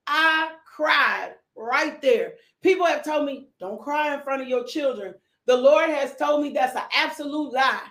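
A woman preacher delivers a fervent sermon in a high voice, swinging from near-tearful pleading to sudden shouts. Her words ring through an echoey church room. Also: a little slow, few pauses. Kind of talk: impassioned sermon.

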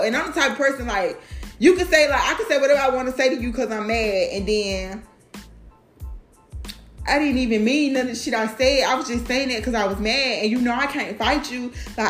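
A woman giving a blunt, profane, outspoken monologue as a vlogger. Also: fairly high pitch. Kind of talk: candid monologue. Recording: echoey room.

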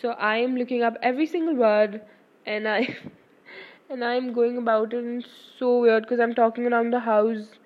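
Rambling young woman, slightly high voice. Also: fairly even intonation. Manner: rambling, fast, with frequent fillers and self-corrections; frank, swears casually. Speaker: student. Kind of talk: casual storytelling. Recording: dull lo-fi recording.

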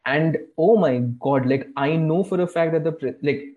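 A man's voice: on the high side, normal speed, phone-quality sound. A man, an illustrator and corporate trainer chatting in a casual podcast, rambling with many fillers and restarts.

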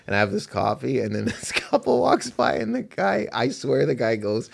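A Canadian man tells stories on a casual podcast, his pitch swinging widely from low mutters to bright bursts. He laughs through his own anecdotes and slips into quick impressions of strangers, with a loose, conversational delivery. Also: gravelly, slight background noise. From Windsor, Canada. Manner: animated storyteller, laughs often, acts out quotes. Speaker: comedian guest.

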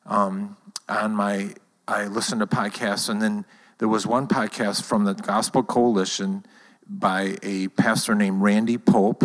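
A man's voice: on the low side, a bit bright. A man leading a church talk, telling a personal story in a conversational way to his congregation. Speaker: church leader. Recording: long hall reverb.

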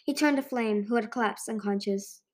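A woman's voice: a little high, moderate pace, darkish tone. A woman narrating a children's fantasy book as an amateur audiobook reader, with frequent slips and restarts.

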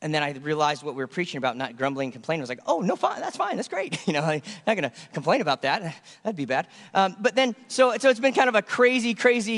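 A high-voiced man preaches to his congregation, telling stories and acting out the voices of the people in them. His voice rings out in a hall with a long reverb trail. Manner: animated storytelling, acts out voices of kids and friends. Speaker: pastor. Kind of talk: sermon.

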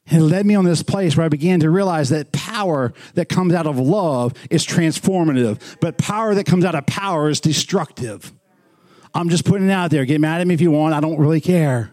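Male pastor, fairly high mellow voice, chatty sermon, pokes the congregation with questions, repeats words to stress them. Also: brisk. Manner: conversational, prods the congregation with questions. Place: small church.

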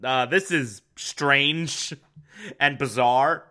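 A man's voice: mid-range voice, extremely slow, bright, forceful tone. A man casually recapping a TV episode, chatty, laughing often and swearing.

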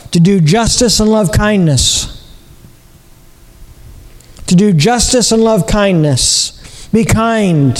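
High-voiced preacher man in a reverberant hall. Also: darkish tone. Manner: earnest, repetitive preaching with rhetorical questions. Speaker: pastor. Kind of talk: sermon. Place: church.

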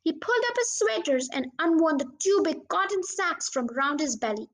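Woman narrator, audiobook reading, children's novel, high voice, steady storytelling. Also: normal speed. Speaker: podcast reader.

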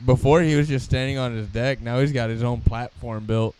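A man's voice: medium pitch, steady tone, a little fast, a little mellow, clear, resonant tone. A man co-hosting a podcast, riffing crude jokes in casual conversation. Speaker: podcast co-host. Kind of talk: casual chat.

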